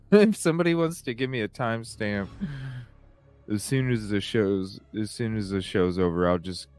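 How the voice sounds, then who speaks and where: Laughing, low-voiced man hosting a podcast. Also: moderate pace, darkish tone, faint music behind. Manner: laughs often, swears, rambling. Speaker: podcast host. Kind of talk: casual live-stream chat.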